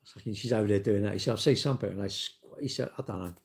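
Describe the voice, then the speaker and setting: A man's voice: on the low side, rapid-fire, vocal fry, a little mellow. A man, ranting bluntly and swearing in a casual live-stream monologue. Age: 60s. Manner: blunt, sweary, storytelling with acted-out quotes.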